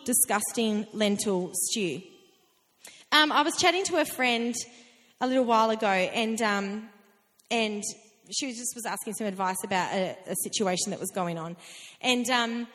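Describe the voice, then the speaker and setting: A woman preaching a sermon in a conversational, animated way, with laughing asides. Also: high-pitched. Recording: long reverb of a hall.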